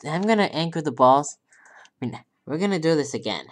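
A woman giving casual commentary over her own gameplay, swinging from quiet hoping to gleeful cheering and calling her viewers dudes. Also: low voice, animated, fairly quick. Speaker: gameplay video creator.

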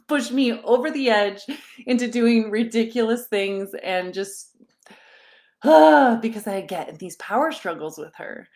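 Thirties woman parenting coach on a webcam, chatty storyteller, laughs a lot, does lively voices for quotes. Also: medium pitch. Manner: acts out quoted dialogue in animated voices. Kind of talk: live online parenting workshop.

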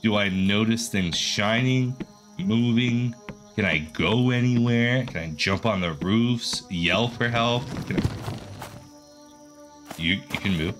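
A man commentating his own horror game play, jumpy and animated, talking to himself and repeating words. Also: lowish voice, slow pace, faint music behind. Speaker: gaming streamer.

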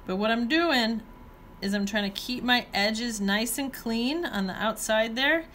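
A woman's voice: a little high, measured pace, a bit bright, a little hiss or hum. A woman teaching watercolor, talking casually while she paints and thinking aloud with playful exclamations. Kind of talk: painting demonstration talk-along.

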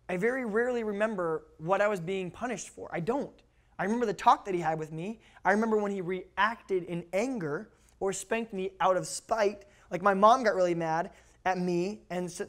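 Man, youth pastor, lively talk, storytelling, repeats key words. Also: high voice. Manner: animated storyteller who acts out quotes, repeats key words.

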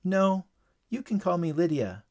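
A man's voice: high-pitched, sing-song, a little slow, a little mellow, voice pushed up. A man voicing a timid little female ladybug in a storybook reading, with a small, pleading voice. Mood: earnest.

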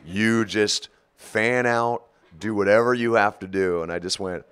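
A man in his forties, the guest of an interview, telling stories in an animated, profane way with frequent laughter. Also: fairly low pitch, a little slow, clean tone. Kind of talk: storytelling interview.

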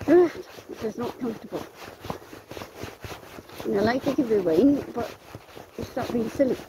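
A woman's voice: on the high side, moderate pace, noisy background. A woman riding her pony along a road, talking to it in short commands, praising and scolding it. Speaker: horse rider and vlogger.

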